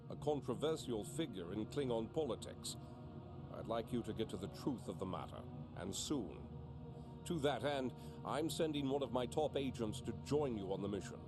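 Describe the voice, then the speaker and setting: A brisk male intelligence officer voiced by an actor giving orders in a put-on British accent for a video game. He speaks in a crisp, formal and commanding way at a medium pitch. Loud game music plays behind him. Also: natural voice.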